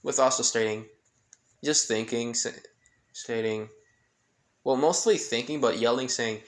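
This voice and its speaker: A man casually retelling a fan-made story, rambling and halting, stumbling over names as he goes. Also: medium pitch, a bit bright, a little hiss or hum.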